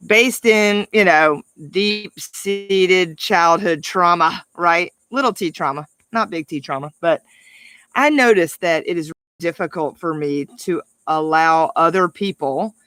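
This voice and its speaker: Middle-aged woman coach, upbeat motivational talk, bright tone, dry close mic. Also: lowish voice, dry recording. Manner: upbeat, animated, emphatic with laughs. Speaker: life coach.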